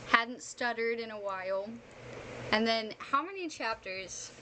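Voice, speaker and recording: A tired young woman streamer chats casually with her live viewers after reading a book aloud, rambling, laughing often and using many fillers. Her voice sits on the high side, expressive and measured in pace, and the recording carries clear background noise.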